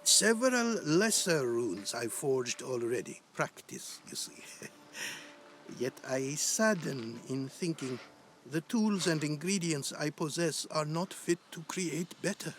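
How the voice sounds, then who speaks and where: Odd old rune crafter from a game, slow and swoopy, backwards sentences. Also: male voice, on the high side, lively intonation, fairly bright tone, slight background noise, exaggerated voice. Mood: grateful. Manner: speaks in odd inverted word order. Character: eccentric old male rune craftsman, grateful. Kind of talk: video game voice acting.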